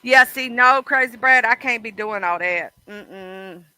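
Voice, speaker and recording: A man from Mississippi with a Deep South accent, rambling in folksy casual chat with his livestream viewers and greeting them by name. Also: measured pace, sharp tone, clear, resonant tone, no room sound. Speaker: livestream host.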